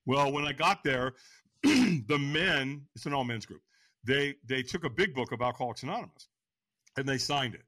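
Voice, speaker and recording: A man in his sixties, a podcast guest, frankly telling his own story in an animated way and acting out the voices. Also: mid-range voice, normal speed, no echo. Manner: animated, acts out voices and inner dialogue; frank, casual speech. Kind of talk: personal storytelling in an interview.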